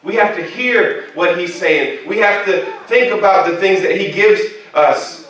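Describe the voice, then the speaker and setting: A male pastor preaching with a high, bright, forceful voice and plenty of humor. He jokes with the crowd as he tells his stories. The sound is heavily echoey, picked up from far off in a church hall. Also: unhurried. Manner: animated, humorous storytelling with congregation banter. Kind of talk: sermon. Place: church sanctuary.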